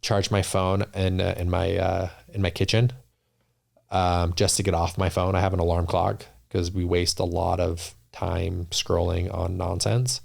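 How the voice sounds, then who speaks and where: Deep gravelly man, earnest and reflective. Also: flat delivery, a little slow, a little mellow. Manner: earnest, reflective, many restarts and "you know". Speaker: podcast guest. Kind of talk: casual interview talk.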